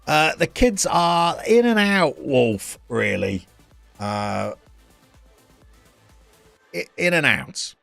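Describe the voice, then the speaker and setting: A man's voice: a little high, expressive, drawn-out words, creaky, long pauses, a bit bright, dry recording, faint music behind. A man in his thirties from England chatting casually and teasing viewers while he streams a game from home. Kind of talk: casual live-stream chat.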